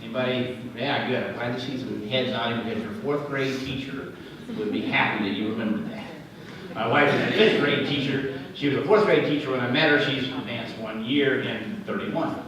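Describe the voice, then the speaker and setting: A man's voice: medium pitch, normal speed, a crowd in the background. A middle-aged man giving a banquet speech as a regional executive, telling stories with folksy joking asides. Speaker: regional Red Cross executive. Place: large banquet hall. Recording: echoey hall from far off.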